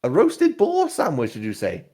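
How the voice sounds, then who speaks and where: A man's voice: fairly high pitch, huge pitch swings, normal speed, warm tone, pitched above the performer's own voice. A man doing a chirpy tavern landlady. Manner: chirpy, eager to please. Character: working-class female tavern keeper.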